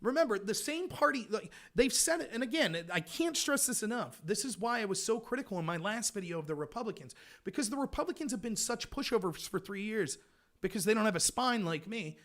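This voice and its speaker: A man's voice: sits high, lively intonation, fairly quick, a bit bright. A man hosting a political livestream, ranting sarcastically while answering his chat. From United States. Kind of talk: livestream commentary reading chat.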